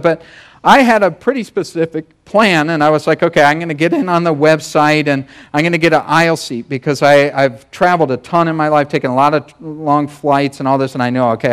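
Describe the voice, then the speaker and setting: Man preaching with a lively, higher voice. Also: clean tone. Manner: storytelling, conversational and animated. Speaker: pastor. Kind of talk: sermon.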